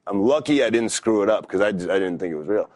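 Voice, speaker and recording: A low, deep-voiced man in his thirties spins a long story in a relaxed, meandering way. He keeps starting over and piling up fillers. The sound is dry and close. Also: quick pace, no room sound. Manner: laid-back, rambling, lots of fillers and restarts. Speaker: wrestler, podcast guest. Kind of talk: casual storytelling interview.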